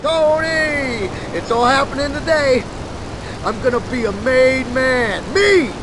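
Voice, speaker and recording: A giddy high-voiced gangster wannabe. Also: male voice, takes it slowly, heavily acted. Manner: giddy, chattering, high and excited. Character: eager, fawning small-time male mobster. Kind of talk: video game cutscene acting. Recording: loud engine noise behind.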